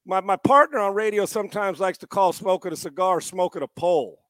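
High-voiced man joking loudly on a podcast. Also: a little fast, no echo. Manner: loud, joking, tells stories with put-on quotes. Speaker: sports talk host. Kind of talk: casual podcast banter.

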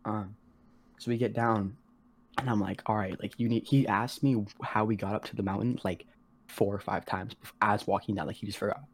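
Slangy low-voiced teenage guy. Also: steady tone, normal speed, slightly rough. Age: teens. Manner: slangy, rambling, heavy on "like" and swearing; acts out quoted voices of others. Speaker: podcast co-host. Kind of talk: casual storytelling.

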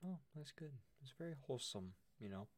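A man co-hosting a casual podcast, joking loudly and then trailing off into quiet asides. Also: mid-range voice, lively intonation, fairly quick. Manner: loud, jokey, often trailing off into quiet asides. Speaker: podcast co-host.

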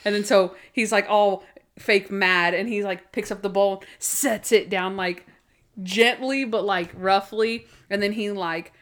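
A woman in casual chat, excitedly retelling a favorite TV episode and acting out its lines with frequent laughter. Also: medium pitch, unhurried. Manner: animated, laughing storyteller acting out quotes.

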